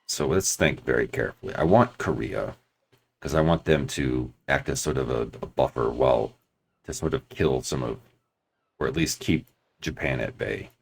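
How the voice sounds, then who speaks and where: Very deep gravelly man planning his game moves. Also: lively intonation, moderate pace. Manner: thinking aloud, restarts and hedges while planning. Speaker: let's play commentator. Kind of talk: casual strategy game commentary.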